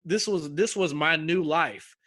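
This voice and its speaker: A man's voice: a little high, unhurried, sharp tone, no room sound, clean studio sound. A young man telling a survival story in casual chat, acting out quotes with slang and swearing.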